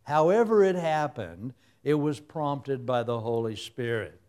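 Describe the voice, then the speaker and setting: A man's voice: mid-range voice, lively intonation, a little slow, a little mellow, clean tone. A man preaching a humorous sermon, telling stories with sound effects and laughing at his own jokes.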